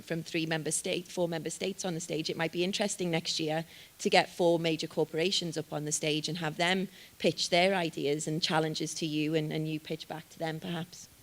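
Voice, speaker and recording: Upbeat Liverpool woman on a panel. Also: on the low side. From England. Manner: upbeat, self-deprecating, repeats words as she thinks. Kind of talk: conference panel answer.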